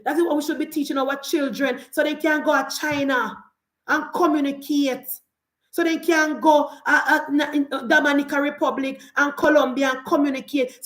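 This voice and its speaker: A Jamaican woman in her forties delivers a heated political rant in a high, insistent voice. She hammers her points home with repetition and pointed rhetorical questions. The sound is roomy and echoey. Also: fairly bright tone. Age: 40s. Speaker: political commentator. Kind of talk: opinionated political monologue.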